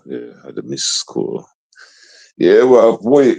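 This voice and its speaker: Over poor audio, a livestream host rants in a lowish, creaky yet mellow voice, taking his time while staying very animated. He's casual and confrontational, uses slang, repeats himself, and often starts his thoughts over.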